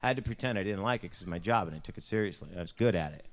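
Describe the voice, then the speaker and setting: A man's voice: lowish voice, very fast, over loud music. A man from Buffalo, New York, with a Buffalo accent, telling a self-mocking personal story in a church devotion. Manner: chatty, self-mocking, acts out voices in his anecdotes.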